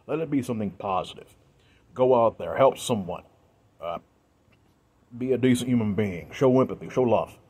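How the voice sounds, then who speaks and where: Low-voiced husky man, earnest preachy video monologue, emotional and insistent. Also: a little mellow. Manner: emphatic, preachy, repeats himself. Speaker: video creator.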